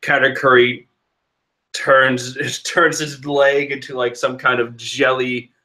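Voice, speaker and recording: A man's voice: mid-range voice, level tone, slow pace, pushed and bright. A man casually reading through a comic chapter aloud, joking and sarcastic with frequent laughs. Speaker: manga reader commentator.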